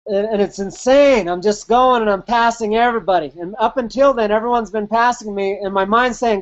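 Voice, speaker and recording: Speaking a little fast with few pauses, this high-pitched man recounts a race he ran, over dull-sounding audio. The podcast host keeps it casual and colorful, cursing and replaying what he was thinking at the time.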